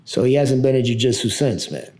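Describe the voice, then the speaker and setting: A man's voice: medium pitch, a little fast. A man in his thirties, a barber guest on a podcast, telling a story in casual chat and acting out the people he quotes. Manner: animated storyteller who acts out the people he quotes.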